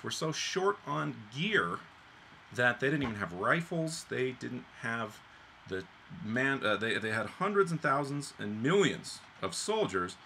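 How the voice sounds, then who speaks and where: A man explaining history while he draws, in an animated and playful way, with sudden jumps in pitch and sound effects. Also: vocal fry, a little hiss or hum. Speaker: author and illustrator explaining history. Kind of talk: illustrated history talk while drawing.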